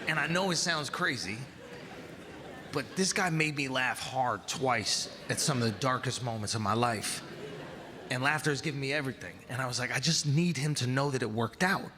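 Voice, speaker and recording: A man doing stand-up in a large theater, telling a story and acting out the dialogue, sliding from hushed to shouting. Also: medium pitch, moderate pace, noisy background. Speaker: stand-up comedian. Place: large theater stage before a live audience. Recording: live theater with long reverb and crowd ambience.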